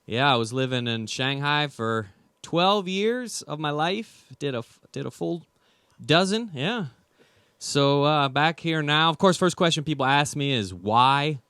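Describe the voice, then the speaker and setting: A man's voice: a little high, expressive, measured pace, fairly bright tone, smooth, dry recording. A man doing a rambling, self-deprecating stand-up comedy set. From United States.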